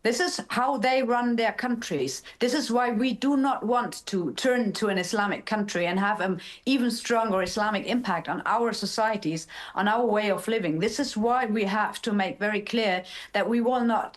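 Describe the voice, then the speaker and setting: German-accented woman politician, second-language English, halting delivery, frequent restarts, remote link. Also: mid-range voice. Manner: halting, repeats words, many fillers. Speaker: interviewed politician. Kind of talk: remote news interview.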